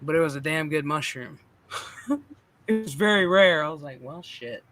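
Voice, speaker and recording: A man hosting a casual stream chat, telling animated, profane stories. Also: fairly high pitch, normal speed. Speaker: streamer host.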